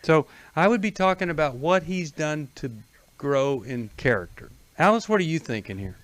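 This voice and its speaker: A man's voice: on the high side, lively intonation, moderate pace, no echo. Blunt male radio host. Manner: blunt, direct advice. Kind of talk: advice radio talk.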